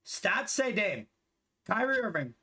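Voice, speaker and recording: High, lively young man streaming games. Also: unhurried. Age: 20s. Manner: loose, profane, rambling banter. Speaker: gaming streamer. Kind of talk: casual live-stream chat during gameplay.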